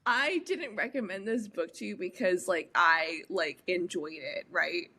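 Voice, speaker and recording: A woman's voice: lowish voice, unhurried, slightly rough. A young woman and daughter in casual podcast chat, telling stories with lots of filler words. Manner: animated storytelling with filler words.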